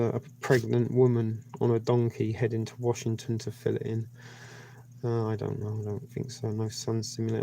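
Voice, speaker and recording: A man's voice: medium pitch, creaky, mellow, slight background noise. A man hosting a livestream, rambling casually with many hesitations. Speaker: livestream host.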